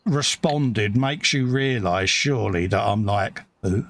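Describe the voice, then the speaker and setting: A man's voice: lowish voice, measured pace, a bit bright, dry recording. A middle-aged man from the UK hosting a casual live chat show, reading out viewer comments and bantering with friends. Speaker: livestream host.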